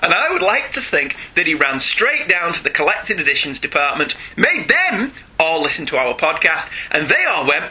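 A man's voice: on the high side, very animated, moderate pace, few pauses, pushed and bright, husky, low-quality recording. A British man hosting a podcast in casual, jokey chat, laughing often. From Britain. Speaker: podcast host.

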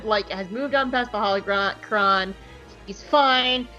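A woman's voice: medium pitch, normal speed, pushed and bright, faint music behind. A young woman hosting a podcast, recapping an episode in a chatty, irreverent way and swearing casually. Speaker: podcast host. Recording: slightly muffled lo-fi recording.

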